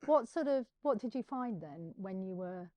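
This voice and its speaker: A woman's voice: medium pitch, lively intonation, moderate pace, warm tone, highs cut off. A woman hosts an interview, summarising and asking questions in a hesitant way with frequent restarts. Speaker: podcast host.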